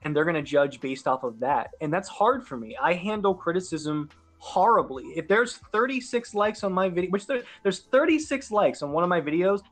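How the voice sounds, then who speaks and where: A man's voice: high voice, expressive, normal speed, hardly any pauses, a bit bright, soft background music. A young man in casual podcast chat, talking in an earnest, rambling, self-doubting way. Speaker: podcast guest and sports announcer.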